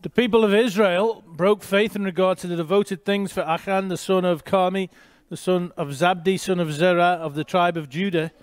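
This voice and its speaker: A man's voice: high voice, fairly even intonation, normal speed, dry recording. A man reading a Bible passage aloud and teaching, with short asides to his listeners.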